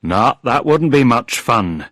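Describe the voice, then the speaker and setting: A cheerful male police officer teases his friend down the phone in a storybook reading, voiced by a male narrator. The voice is husky and fairly low, with a lively, bouncing lilt. The sound is close and dry. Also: slow, no echo, heavily acted. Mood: teasing. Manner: teasing, dryly amused.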